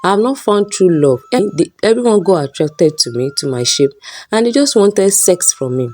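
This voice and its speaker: A woman's voice: mid-range voice, animated, normal speed, a little mellow, pitched above the performer's own voice, close to an everyday voice. A woman voicing a young female student who talks in a pleading, indignant way in a storybook reading. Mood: distressed.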